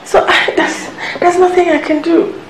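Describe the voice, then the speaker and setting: A gentle middle-aged Nigerian mother, soft, slow, high voice, roomy with music. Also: level tone, noisy background. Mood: worried. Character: soft-spoken loving mother of a spoiled girl. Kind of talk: film acting.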